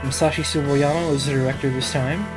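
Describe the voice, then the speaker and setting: A man giving casual let's play commentary in an emotional, rambling way, swearing freely. His voice is of middling pitch. Guitar music plays clearly beneath him. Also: fairly even intonation, brisk.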